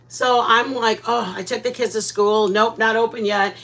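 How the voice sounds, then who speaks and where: High, bright-voiced woman telling stories. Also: moderate pace. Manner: animated storyteller, laughs often. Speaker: live stream host. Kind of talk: casual live chat with viewers.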